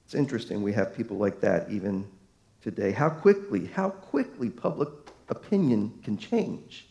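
A man's voice: on the low side, animated, moderate pace, creaky, mellow. A man preaching a sermon as pastor, emphatic, his voice swelling and dropping to drive points home.

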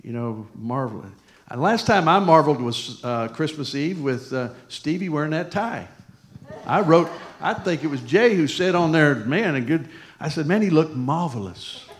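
A man's voice: fairly high pitch, lively intonation, normal speed. A middle-aged man preaching a sermon as a pastor, folksy and casual, mixing scripture with personal stories.

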